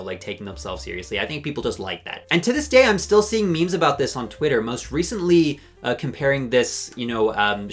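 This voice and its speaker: Lively chatty man ranking memes. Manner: chatty, with filler words and lively pitch. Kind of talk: casual commentary.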